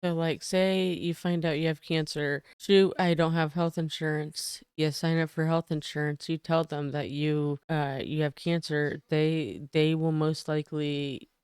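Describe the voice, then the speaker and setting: Slow-talking woman reacting to clips. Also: low-pitched, level tone, darkish tone, smooth, no room sound, studio quality. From United States. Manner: slow, thoughtful, plain-spoken. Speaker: reaction video host. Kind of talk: casual reaction commentary.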